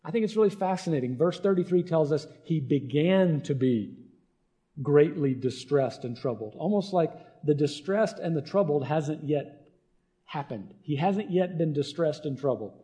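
Male pastor, slightly high, mellow tone, earnest conversational sermon delivery. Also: expressive, normal speed. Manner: earnest, conversational preaching with frequent "right?".

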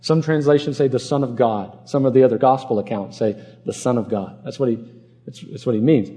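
A man's voice: mid-range voice, a little fast, warm tone. A man preaching an expository sermon, earnest and emphatic, repeating words for stress. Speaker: pastor.

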